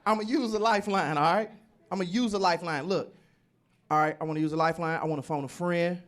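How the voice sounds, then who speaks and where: A man's voice: high voice, quick pace, fairly bright tone. A male stand-up comedian with a chatty, streetwise delivery, acting out both sides of a conversation. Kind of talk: stand-up set.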